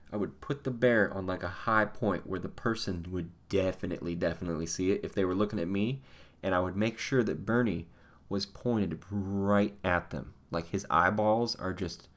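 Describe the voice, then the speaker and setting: A young man telling a funny story in a casual vlog monologue, acting out the people he talks about. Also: fairly low pitch. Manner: animated, acts out people in funny voices. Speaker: vlogger.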